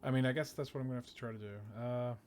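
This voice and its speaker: A man's voice: medium pitch, steady tone, racing. Guy playing dnd, mid voice, reads out the rules, faint hiss in the background. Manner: methodical, checks rules out loud. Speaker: player. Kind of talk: tabletop game play.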